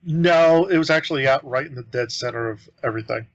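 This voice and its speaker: A man's voice: medium pitch, quick pace, no room sound, highs cut off. A young adult man co-hosting a podcast, telling rambling stories in casual chat and acting out the people in them. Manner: rambling anecdotes with acted-out quotes. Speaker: podcast co-host.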